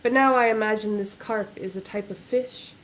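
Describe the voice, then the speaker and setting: A woman's voice: mid-range voice, moderate pace, fairly bright tone, a little hiss or hum, natural voice, rough recording. A woman reading aloud, voicing a wary, dry-humored male sea merchant in a guarded manner.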